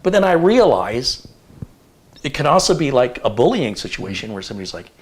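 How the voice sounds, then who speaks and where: A man in his fifties hosting a casual live chat, telling stories in an animated, rambling way with lots of fillers. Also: mid-range voice, fairly quick, slightly rough. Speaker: host.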